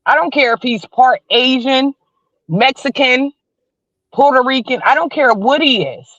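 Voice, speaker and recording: A woman's voice: high voice, fairly bright tone, dry recording. Blunt woman calling into a stream. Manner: blunt, emphatic slangy talk. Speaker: guest on a livestream. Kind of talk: heated call-in commentary. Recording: slightly dull dry stream audio.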